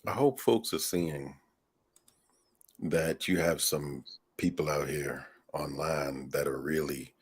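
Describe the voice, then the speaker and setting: A man speaking as a guest on a live stream, calm and wry. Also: rumbling low, slow, breathy edge. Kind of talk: casual chat.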